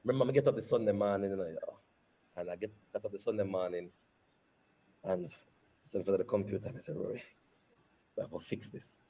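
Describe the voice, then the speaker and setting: Man, husky voice, company boss, lively storytelling, repeats himself. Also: on the low side, quick pace, long pauses. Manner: animated retelling that repeats phrases and slips into patois. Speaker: company CEO as guest. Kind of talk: personal storytelling in an interview.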